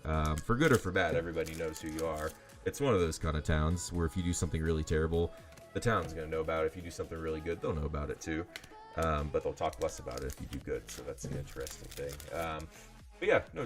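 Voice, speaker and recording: Rambling, chatty livestream host, a man with a deep low voice, faint music behind. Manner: rambling and chatty, heavy on fillers. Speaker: livestream card seller. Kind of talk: casual livestream chat.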